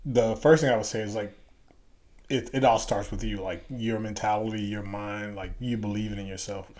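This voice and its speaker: A man's voice: lowish voice, moderate pace. A middle-aged man from Chicago, a former Green Beret guest telling stories in a casual interview and acting out the people he quotes. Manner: animated storyteller, acts out quoted voices.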